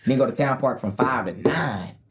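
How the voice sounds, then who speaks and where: A comedian, telling stories from his life in a casual, animated way and swearing freely. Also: mid-range voice, normal speed, slight background noise. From Tennessee. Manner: animated, acts out other people's voices, swears freely. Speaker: guest comedian. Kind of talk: casual storytelling.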